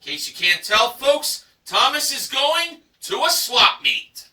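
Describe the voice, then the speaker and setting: A man with a high, very bright voice recaps a game show episode at a slow, deliberate pace. He stretches out each price reveal for drama. The recording is roomy and distant, with faint music underneath. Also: very animated. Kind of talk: enthusiastic recap narration.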